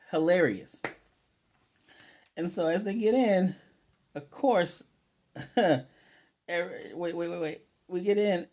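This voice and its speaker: A man with a medium-pitched voice talks through an anime episode in a relaxed, chatty way. He keeps slipping into quick snatches of the characters' lines as he retells scenes, then drops back into his own commentary. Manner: animated retelling, quoting characters in passing. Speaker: anime reviewer. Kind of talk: casual recap commentary.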